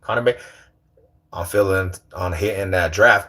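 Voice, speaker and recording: A man chats casually on his livestream. He talks in loose slang, animated and teasing as he banters with the people watching. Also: low-pitched, unhurried, slight background noise. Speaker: livestream host.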